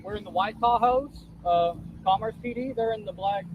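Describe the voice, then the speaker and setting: A man's voice: high-pitched, moderate pace, narrow, tinny audio. A man working as a university police officer, speaking hesitantly with many fillers, outdoors. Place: outdoors on a street. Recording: street noise behind the voice.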